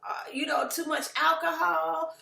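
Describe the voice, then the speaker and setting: A woman casually recapping a reality show, acting out what the cast said in lively voices. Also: very high-pitched, moderate pace, vocal fry, echoey room. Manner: animated, acts out quotes of the cast.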